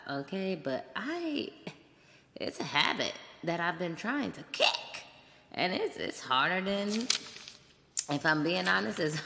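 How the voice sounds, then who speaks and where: Low, slow-talking playful woman host. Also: creaky, a bit bright, big-room sound, slight background noise. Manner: playful, chatty, laughs often. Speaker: podcast host. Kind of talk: casual solo chat.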